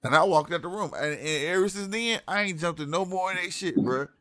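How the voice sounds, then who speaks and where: A man's voice: high voice, expressive, brisk, fairly bright tone, dry recording. A man in his forties telling blunt, profane stories in casual podcast chat.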